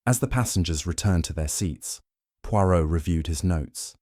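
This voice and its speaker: A man narrating a mystery audiobook in a measured, even storytelling manner. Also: sits low, dry recording, studio quality.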